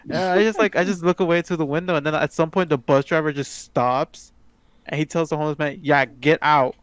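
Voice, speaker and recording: A man's voice: on the high side, steady tone, fast talker, clear, resonant tone, dry recording. A young man co-hosting a podcast, telling a rambling story full of fillers and restarts. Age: young adult. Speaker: podcast co-host. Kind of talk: casual chat.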